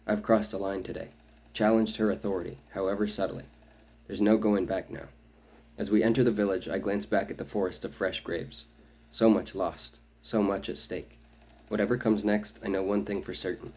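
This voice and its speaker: A man reading his own novel aloud, first-person audiobook narration with a measured, brooding delivery. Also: low voice, darkish tone, husky, muffled recording.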